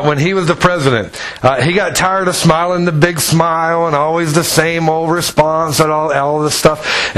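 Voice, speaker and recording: Folksy man preaching with a raised pitch. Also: a bit bright. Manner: folksy storytelling with acted quotes. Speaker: pastor. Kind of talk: sermon.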